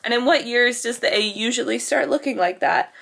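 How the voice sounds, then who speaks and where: A woman's voice: on the high side, fairly quick, creaky, fairly bright tone. A young woman student chatting casually to camera in a vlog, rambling with lots of fillers. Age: young adult. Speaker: student vlogger.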